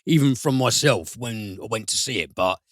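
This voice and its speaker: A man reviewing films on a podcast, animated and given to swearing and sudden high mimicry. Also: normal speed, dry recording, clean studio sound. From United Kingdom. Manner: animated, swears, mimics voices with big pitch jumps. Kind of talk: casual podcast film review.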